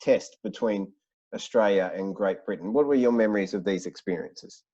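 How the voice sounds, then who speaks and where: A man's voice: on the low side, moderate pace, mellow. Man asking careful interview questions. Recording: dull lo-fi recording.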